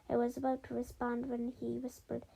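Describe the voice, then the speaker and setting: A woman reading a children's storybook aloud, halting often and correcting her own slips as she goes. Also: a little high, monotone, vocal fry, dark tone, husky, poor audio. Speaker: storybook reader.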